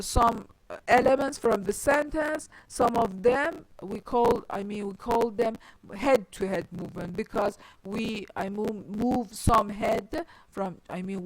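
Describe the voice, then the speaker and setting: A woman's voice: mid-range voice, no echo, rough recording. Dry, close woman lecturing on grammar. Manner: rephrases often with "I mean", deliberate and explanatory. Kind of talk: explanatory lecture.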